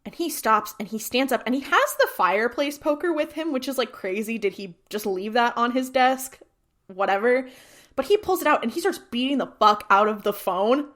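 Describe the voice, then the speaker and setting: A woman's voice: on the high side, normal speed. A woman co-hosting a podcast, casually retelling a TV episode with quoted lines and frequent filler words. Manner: animated retelling with quoted voices, many "like"s. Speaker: podcast co-host. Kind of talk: casual recap chat.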